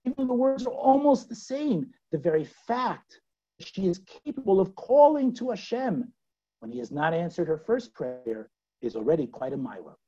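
A woman's voice: fairly low pitch, big pitch swings, normal speed, slightly rough. Woman giving a dramatic bible class, voice jumps all over, dull lo-fi sound. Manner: dramatic, asks the listeners questions, swings from loud to hushed. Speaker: Bible teacher. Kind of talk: expressive scripture lecture. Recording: dull lo-fi recording.

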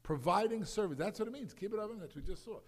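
A man teaching a Torah class, lively and full of fillers, acting out the voices he quotes. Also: high-pitched, rapid-fire. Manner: animated, acts out quoted voices, many fillers. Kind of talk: Torah lecture. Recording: long hall reverb.

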